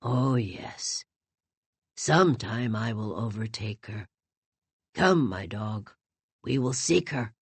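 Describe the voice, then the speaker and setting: A woman voicing a heartbroken old wandering madman who mumbles slowly and quietly. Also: extremely low pitch, lively intonation, husky, no room sound, voice pushed down, heavily acted. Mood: mournful. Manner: mumbling, slow and hushed.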